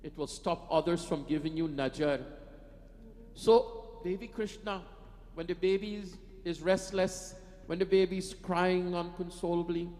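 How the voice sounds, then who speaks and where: A man's voice: sits high, in a large hall. A man preaching an emphatic devotional sermon, breaking into sung devotional lines. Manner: emphatic, sings devotional lines between speech. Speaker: katha preacher. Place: temple hall.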